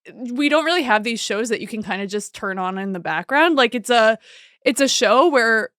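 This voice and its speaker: A woman's voice: a little high, expressive, normal speed, a bit bright, smooth, dry recording, clean studio sound. A woman comedian guesting on a podcast, chatting in a laid-back, wry way with easy laughs. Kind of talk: casual chat.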